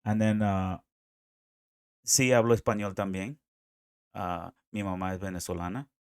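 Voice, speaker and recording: A man with an American accent giving casual, chatty reaction commentary, excitable and quick to laugh, with plenty of fillers. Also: low voice, clear, resonant tone, dry recording, studio quality. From USA, South America and the Caribbean. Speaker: reaction video host.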